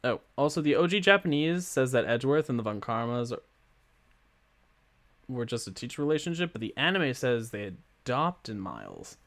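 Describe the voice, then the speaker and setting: A man's voice: mid-range voice, sing-song, normal speed, a bit bright, no room sound. A man casually chatting and rambling while streaming a game, giggling often, on a close microphone. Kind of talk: casual gameplay commentary. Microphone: close mic with pop filter.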